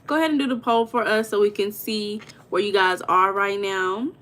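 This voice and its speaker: A young woman hosting a casual livestream, chatting with viewers, greeting them by name and telling stories with lively emphasis. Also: mid-range voice, moderate pace. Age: young adult. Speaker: livestream host.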